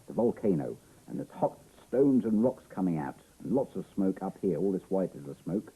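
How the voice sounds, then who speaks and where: Aussie bloke, middle-aged, reading a storybook to little kids, really dark mellow voice, swoops up and down a lot, playful. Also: male voice, low voice, moderate pace, gravelly, breathy edge, poor audio. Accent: Australian. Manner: animated, playful storytelling with gasps and exclamations. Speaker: children's TV presenter. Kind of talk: reading a picture book to young children.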